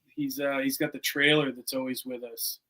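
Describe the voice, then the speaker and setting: Bright-voiced guest, halting speech. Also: male voice, mid-range voice, flat delivery, poor audio. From Canada. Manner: friendly, halting, repeats words. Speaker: podcast guest. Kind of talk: casual chat.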